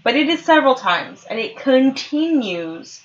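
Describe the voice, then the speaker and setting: A woman's voice: high voice, big pitch swings, measured pace, lo-fi sound. A woman co-hosting a casual chat podcast, animatedly retelling scenes from a show and laughing often. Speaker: podcast co-host. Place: at home on a couch.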